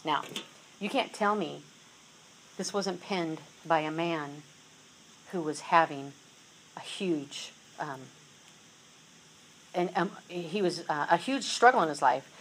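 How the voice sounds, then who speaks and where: A woman's voice: on the low side, a little hiss or hum, poor audio. A woman teaching a Bible lesson and reading scripture aloud, talking conversationally with fillers and self-corrections. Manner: reads scripture aloud with rising intensity, then drops to soft asides.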